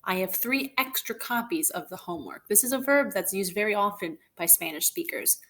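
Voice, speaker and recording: A woman's voice: medium pitch, brisk, a bit bright. A woman teaching Spanish, narrating a recorded lesson over slides and patiently explaining example phrases in English and Spanish.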